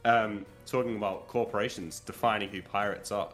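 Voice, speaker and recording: Lively lower-voiced man at a game table. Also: a little fast, soft background music. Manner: animated, laughing, lecturing playfully. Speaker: player. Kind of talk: casual tabletop game chat.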